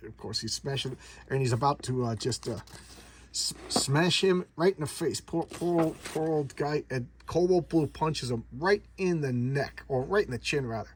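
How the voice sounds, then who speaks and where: Husky-voiced man rambling about comics. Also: medium pitch, normal speed. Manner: rambling, repeats words, lots of fillers; enthusiastic recap of a plot. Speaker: comic book reviewer. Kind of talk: casual chat.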